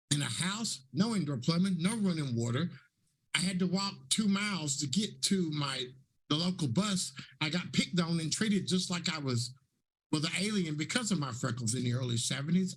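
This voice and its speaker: A man in his fifties with a raspy voice, talking effusively on a panel and repeating encouraging phrases like a preacher. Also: sits high. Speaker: panelist and talk show host. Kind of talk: casual panel talk.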